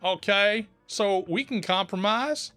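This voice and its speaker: Casting: man voicing a sweetly polite Southern young mom with an Oklahoma drawl who won't back down, high and sing-song. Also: takes it slowly, sharp tone, dry recording, soft background music, full character voice. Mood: pleading firm. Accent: put-on Oklahoma Southern. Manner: sugary politeness turning blunt. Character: polite but firm young mother, faux Southern drawl.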